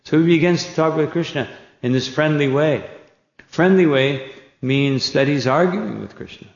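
A man's voice: on the high side, normal speed. A man giving a scripture lecture as a spiritual teacher, retelling the dialogue in character and often tagging his points with "No?". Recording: echoey hall, dull lo-fi sound.

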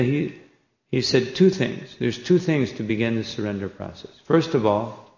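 Man lecturing on scripture, gravelly voice, roomy hall reverb, muffled lo-fi sound. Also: mid-range voice. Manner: retells dialogue in character, tag question "No?". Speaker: spiritual teacher. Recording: echoey hall, dull lo-fi sound.

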